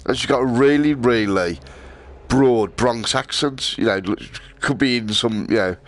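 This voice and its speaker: A man's voice: mid-range voice, measured pace. Chatty man streaming a game. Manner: rambling, chatty, laughs often, restarts words. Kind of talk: casual chat while streaming a VR game.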